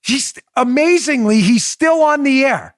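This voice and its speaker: A man's voice: expressive, measured pace, dry recording. A man hosting a political commentary show, combative and mocking, talking emphatically into a close studio mic. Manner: does a high silly impression voice in bursts. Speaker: host.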